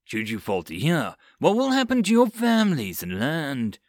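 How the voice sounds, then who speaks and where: A man's voice: on the high side, wildly swooping pitch, normal speed, darkish tone, no echo, clean studio sound, voice pushed up. A man voicing a stern veteran soldier who speaks bluntly and rousingly.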